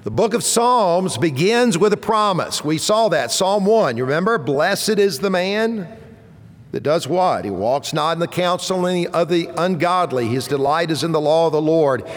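A man's voice: a little high, animated, moderate pace, in a large hall. A man in his sixties preaching a sermon as pastor, emphatic, building toward exclamations and leading the congregation in call-and-response. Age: 60s.

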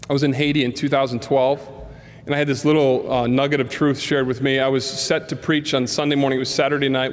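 A man preaching a sermon in a church, telling stories and acting out the voices of people in them. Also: mid-range voice. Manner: animated storyteller acting out dialogue. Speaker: pastor. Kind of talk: sermon storytelling. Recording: long reverb of a large hall.

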